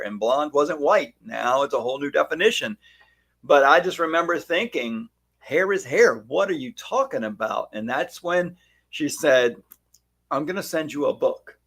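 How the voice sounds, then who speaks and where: Fifties male co-host, hairstylist, lively storyteller who acts out dialogue. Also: mid-range voice. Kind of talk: casual chat.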